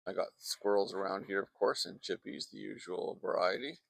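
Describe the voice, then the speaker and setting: A painting instructor with a low, gravelly voice gives a casual outdoor demonstration in a backyard, chatting and drifting into asides as he works. He talks at normal speed into a close microphone, with no room sound.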